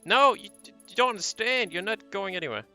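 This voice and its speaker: A bossy guard who will not let anyone pass, firm and blunt, as a man reads him in his own voice. The voice is bright. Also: sits high, expressive, a little fast, faint music behind, pitched above the performer's own voice, heavily acted. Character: gruff male guard blocking the way.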